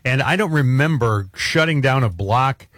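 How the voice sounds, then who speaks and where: A man's voice: medium pitch, lively intonation, moderate pace, a bit bright, no room sound, clean studio sound. A man hosting a talk radio show, jokey and conversational. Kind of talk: casual political talk radio chat.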